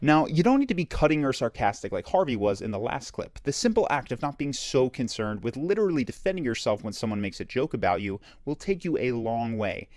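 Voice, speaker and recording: A man's voice: mid-range voice, fairly quick, hardly any pauses, no room sound. A man narrating a self-improvement video in a scripted, analytical, explanatory way. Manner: explanatory, analytical, lively inflection.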